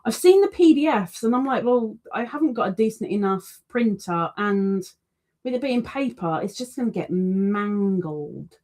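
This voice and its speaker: A woman's voice: mid-range voice, lively intonation, moderate pace, a little mellow. A woman hosting a casual crafting livestream, reading out viewer comments with chatty, self-deprecating asides. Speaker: crochet livestream host.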